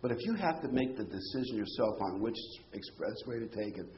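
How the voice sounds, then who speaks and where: A man's voice: mid-range voice, lively intonation, fairly quick, muffled recording, a little hiss or hum. A man preaching a Bible-teaching sermon, explaining scripture with rhetorical questions and emphatic phrases.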